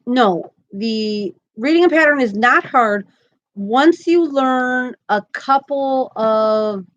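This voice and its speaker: A woman's voice: on the high side, lively intonation, slow pace, muffled recording. A woman hosting a crochet live stream, chatting casually and upbeat, often laughing as she talks. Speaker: crochet channel host.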